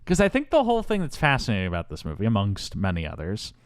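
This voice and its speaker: Animated man spinning a mock-epic podcast story. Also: fairly low pitch, fast, smooth, dry recording, studio quality. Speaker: podcast host. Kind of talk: casual podcast chat.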